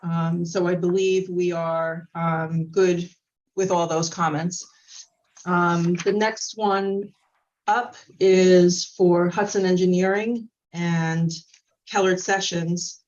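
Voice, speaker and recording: A woman's voice: on the low side, fairly even intonation, slow pace, darkish tone, lo-fi sound. A woman representing an applicant at a meeting, speaking in a polite, grateful and businesslike way. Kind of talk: meeting presentation.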